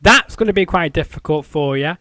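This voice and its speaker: A man's voice: on the high side, expressive, brisk, bright, forceful tone, no room sound. Rambling male show host, dry sound. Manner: rambling, filler-heavy, repeats "I think". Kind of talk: casual interview chat.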